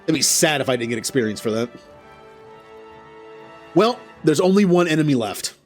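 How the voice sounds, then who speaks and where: Male host for a game playthrough: casual, self-deprecating, talks his choices through out loud. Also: a little high, lively intonation, moderate pace, soft background music. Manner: thinking aloud, chuckling, self-deprecating. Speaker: gaming channel host. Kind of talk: let's play commentary.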